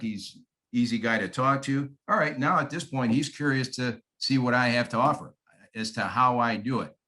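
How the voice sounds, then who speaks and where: A man's voice: mid-range voice, sharp tone. A man who works as a real estate agent, teaching other agents how to win over sellers, acting out his phone scripts in a friendly, folksy way. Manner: folksy, coaching, repeats key points. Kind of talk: sales training talk with acted call scripts.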